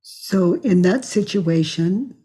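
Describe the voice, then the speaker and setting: Slow, calm older woman guiding inquiry. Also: lowish voice, breathy edge. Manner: slow, calm and questioning, acts out quoted lines. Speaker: facilitator of self-inquiry sessions. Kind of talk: guiding a client through inquiry.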